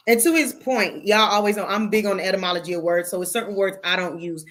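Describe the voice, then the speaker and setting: A woman's voice: medium pitch, fast, hardly any pauses, fairly bright tone. Woman, talk show host, spiritual chat, emphatic, preachy, playful cursing.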